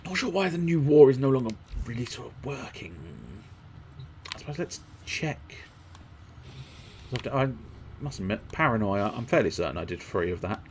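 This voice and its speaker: A man's voice: mid-range voice, lively intonation, normal speed, darkish tone, a little hiss or hum. Rambling male game streamer. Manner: rambling, jokey, self-deprecating. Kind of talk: casual gameplay commentary.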